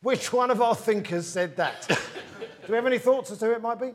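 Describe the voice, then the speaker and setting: A man's voice: very high-pitched, fairly quick. A man hosting a comedy football quiz before a live audience, jokey and laughing between lines. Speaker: host of a comedy football panel.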